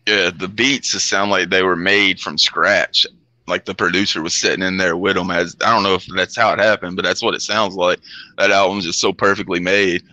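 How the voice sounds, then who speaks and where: A man's voice: sits low, level tone, normal speed, sharp tone, dry recording, rough recording. A man co-hosting a podcast, chatting casually about albums in a laid-back way, swearing and laughing easily. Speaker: podcast co-host. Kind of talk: casual chat reviewing music.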